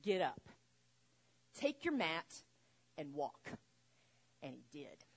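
A woman preaching a sermon, retelling a story with lively acted-out voices. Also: low-pitched, slow pace, slightly rough. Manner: animated, acts out voices in the story. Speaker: pastor.

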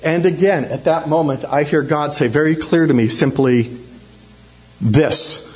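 A man telling a lively personal story to a church congregation, acting out shouts in a raised voice. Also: fairly high pitch, moderate pace. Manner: animated, acts out shouts in a raised voice. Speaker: church speaker telling a testimony.

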